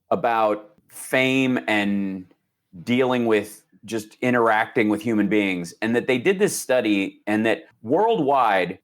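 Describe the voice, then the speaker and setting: A man in his forties from Indiana, a podcast guest telling stories with energy and acting out quoted voices. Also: lowish voice. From Indiana, USA. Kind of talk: animated storytelling.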